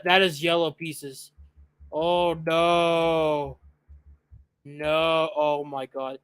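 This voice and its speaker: Young adult streamer for a casual live-stream reaction: slow, profane, excitable ranting at a middle pitch. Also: clear, resonant tone.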